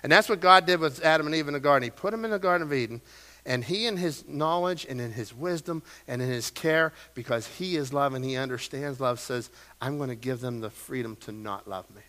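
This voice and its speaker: Middle-aged male pastor, bright and forceful, a bit high, folksy storyteller in the pulpit. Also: fairly quick. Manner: folksy, storytelling, self-deprecating asides. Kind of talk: sermon. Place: church sanctuary.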